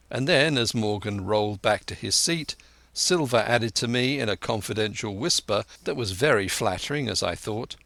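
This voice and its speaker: A man's voice: lowish voice, expressive, normal speed, gravelly, bright, forceful tone, no room sound. A man narrating an audiobook in a first-person storytelling voice.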